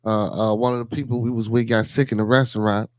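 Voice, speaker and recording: A man's voice: mid-range voice, level tone, quick pace, no echo. Rambling bearded man hosting a chat stream. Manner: loose and rambling, repeats phrases, many fillers. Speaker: podcast host. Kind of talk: casual livestream chat with viewers.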